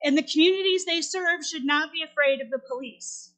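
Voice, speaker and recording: A woman's voice: sits high, a little fast, fairly bright tone. A woman in her forties giving a sermon in a conversational storytelling way, asking the congregation questions. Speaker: minister.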